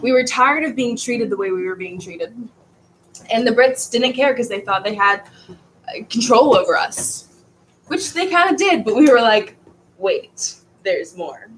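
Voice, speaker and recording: Rambling woman teacher, fairly high voice. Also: lively intonation, normal speed, fairly bright tone, a little hiss or hum, rough recording. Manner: rambling, stumbles over words and restarts. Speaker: history teacher. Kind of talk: casual classroom lecture.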